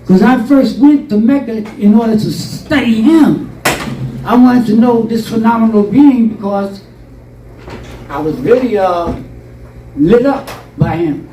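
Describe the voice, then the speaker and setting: An older man telling stories in an interview, animated and rambling, acting out voices from his past. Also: high-pitched, a little slow, long pauses, far from the mic, a little hiss or hum. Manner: rambling, animated storytelling with acted quotes. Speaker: interview guest. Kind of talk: storytelling interview. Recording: roomy, from off-mic.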